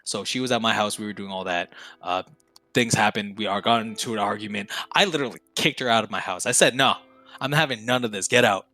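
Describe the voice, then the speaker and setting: A young man telling a story from his high school days in a casual podcast chat, swearing often and getting loud when he gets worked up. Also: quick pace, dry recording. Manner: animated, swears often, laughs mid-story. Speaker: podcast guest.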